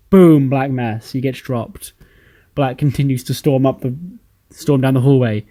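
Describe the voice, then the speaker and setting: A man's voice: medium pitch, fairly even intonation, unhurried, warm tone. A man hosting a channel, casually narrating a recap of a wrestling simulation game and acting out the quotes. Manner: casual, storytelling with acted quotes.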